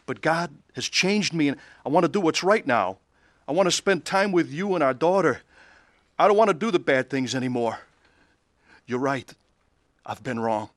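A man's voice: on the high side, lively intonation, moderate pace, no room sound. A man narrating his own faith testimony in an earnest, pleading way and acting out the scenes. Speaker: narrator of his conversion story.

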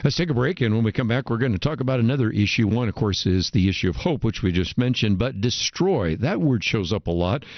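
A man hosting a faith radio show, interviewing a guest in a measured way and listing points. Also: on the low side, animated, dry recording, lo-fi sound. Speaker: radio host.

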